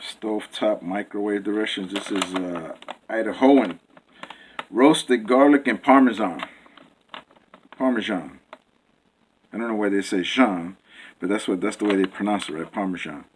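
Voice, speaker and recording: A man's voice: fairly low pitch, normal speed, background noise. A man rambling through a casual home cooking vlog, full of fillers and restarts, joking with himself as he talks. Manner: jokey, self-amused. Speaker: cooking video host.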